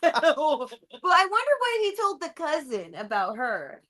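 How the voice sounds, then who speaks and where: A woman co-hosting a casual chat, reacting to stories with slow, amused remarks. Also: high voice, wildly swooping pitch, a bit bright.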